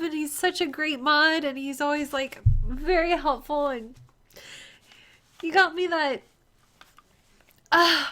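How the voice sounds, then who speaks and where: A woman's voice: very high-pitched, bright, forceful tone. A young woman live streamer, crying and gushing as she thanks viewers over and over for their donations. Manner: gushing, tearful, repeats thanks.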